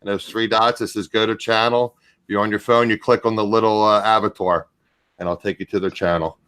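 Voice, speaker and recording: Low-voiced chatty man hosting. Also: little pitch movement, brisk, a bit bright, smooth. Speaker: livestream host. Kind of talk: casual chat on a livestream.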